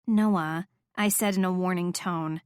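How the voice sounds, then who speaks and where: A woman reading a first-person romance audiobook in a soft, intimate, measured voice. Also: mid-range voice, fairly even intonation, no echo, clean studio sound. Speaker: audiobook narrator.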